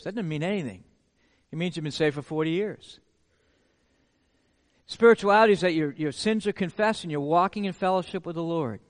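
A man with a notably high voice delivers a sermon as a pastor. He tells animated stories and keeps tossing rhetorical questions at his listeners. His voice rings out with the long reverb of a big hall. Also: fairly quick.

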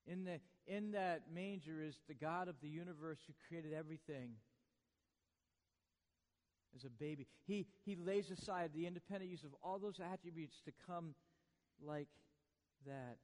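A man preaching a sermon in a church, swinging from hushed lines to booming ones with joking asides. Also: normal speed, long reverb tail. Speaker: pastor.

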